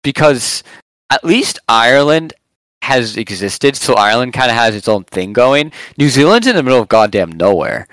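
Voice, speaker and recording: A man's voice: medium pitch, big pitch swings, normal speed, a bit bright, dry recording, poor audio. A man from the United States on a podcast, talking animatedly and hedging his points with many fillers. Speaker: podcast co-host. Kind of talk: casual chat.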